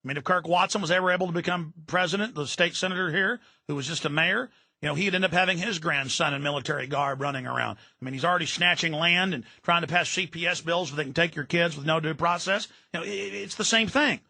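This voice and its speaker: A man's voice: fairly high pitch, fast, gravelly, sharp tone, no room sound. A man hosting a radio talk show, delivering an intense, ranting political monologue and repeating words when worked up. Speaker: radio host.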